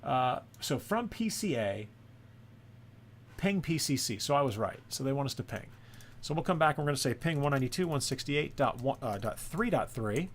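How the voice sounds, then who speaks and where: A man's voice: medium pitch, fairly bright tone. A man teaching a screen-recorded networking lesson, thinking aloud and often checking in with "right?". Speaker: course instructor.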